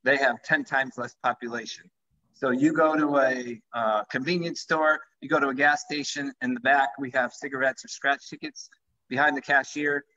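A man's voice: mid-range voice, steady tone, moderate pace, sharp tone. A man who founded a vodka company, talking enthusiastically about his product in a live-streamed conversation. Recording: dull lo-fi livestream audio.

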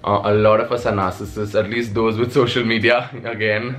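A man's voice: lowish voice, flat delivery, fairly quick, fairly bright tone. A young man from Nepal with a Nepali accent, a content creator answering viewer questions in a casual vlog, wry and self-mocking.

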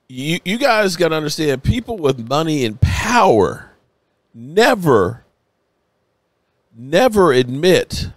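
A man's voice: mid-range voice, dry recording. A man live-streaming, emotional and a bit tipsy, rambling and swearing as he rants with emphatic bursts.

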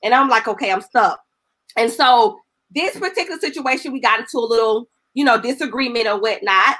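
A woman's voice: on the high side, brisk, bright, forceful tone. A woman evangelist, a guest on the show, telling her personal testimony in an earnest, emotional, colloquial storytelling way.

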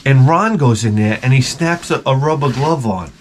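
A man's voice: medium pitch, animated, normal speed, a little hiss or hum. A man hosting his own vlog, telling crude, profane stories in a rambling comic monologue. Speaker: vlog host.

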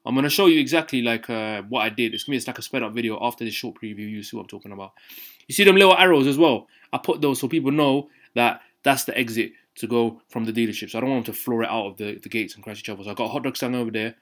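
A young man giving excited, slangy commentary on his gameplay, talking straight to his viewers as a regular YouTube host. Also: mid-range voice, very fast, hardly any pauses. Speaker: gaming YouTuber.

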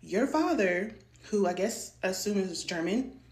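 A woman vlogger giving sassy, animated reaction commentary. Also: medium pitch, a little slow, echoey room. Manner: animated, sassy, mimics voices.

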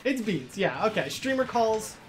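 A man's voice: high-pitched, very animated, normal speed. A young man playing a game with a friend on stream, laughing often in easygoing banter. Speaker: co-player on stream. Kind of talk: casual gaming stream chat. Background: game music.

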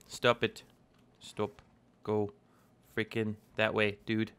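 A man's voice: on the low side, monotone, slow pace, long pauses, fairly bright tone, smooth. Chatty young man doing game commentary. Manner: chatty, talks to in-game animals, playful. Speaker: let's play host. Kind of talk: casual gameplay commentary.

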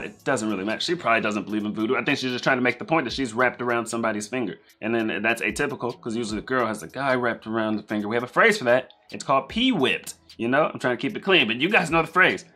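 Bright-voiced man chatting on a stream. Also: medium pitch. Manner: chatty, rambling, thinking out loud. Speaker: reaction streamer. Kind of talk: casual live-stream commentary.

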